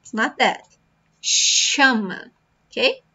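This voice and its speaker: Bright, slow-speaking woman teacher. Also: fairly high pitch, lively intonation. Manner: slow, patient, repeats words for practice. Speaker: language teacher. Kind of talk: beginner language lesson. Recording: slightly dull lo-fi sound.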